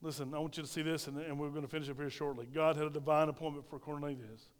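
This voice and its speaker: High-voiced preacher in a reverberant church. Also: male voice, steady tone, very fast. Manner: storytelling preacher, repeats phrases, asks the congregation questions. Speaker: pastor. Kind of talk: sermon. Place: church sanctuary. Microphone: handheld microphone.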